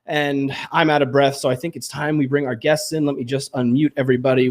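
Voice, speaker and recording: A man's voice: on the high side, brisk. Male podcast host, upbeat, jokey, self-deprecating. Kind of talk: enthusiastic show intro and casual chat.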